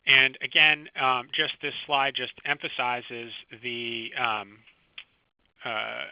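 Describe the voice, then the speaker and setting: A man, a physician, giving a recorded medical lecture over slides, explaining clinical signs in a calm, teaching manner. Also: medium pitch, slow, dry recording. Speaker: physician lecturing first responders. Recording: dry, slightly dull close recording.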